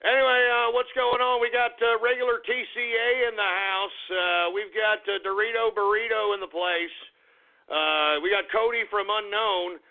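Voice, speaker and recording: A fired-up male talk radio host who rambles and curses as he vents. His voice sits high and has a gravelly rasp. The lo-fi recording sounds thin and phone-like. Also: fairly even intonation, moderate pace. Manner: agitated, profane, rambling. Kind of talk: ranting call-in style talk radio. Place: Austin, Texas.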